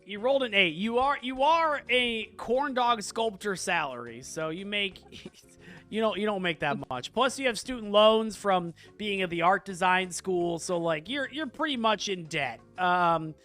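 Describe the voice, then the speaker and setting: A man's voice: high voice, animated, bright, forceful tone, soft background music. A man hosting and narrating an improvised comic tabletop game as game master, joking and restarting his sentences. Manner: joking, halting, many restarts.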